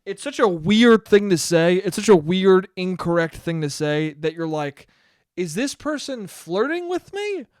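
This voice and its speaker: A man's voice: high-pitched, big pitch swings, a little slow, a little mellow, no room sound, clean studio sound. A man in his twenties hosting a casual solo podcast, rambling and swearing as he laughs at his own jokes. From United States. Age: 20s. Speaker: podcast host.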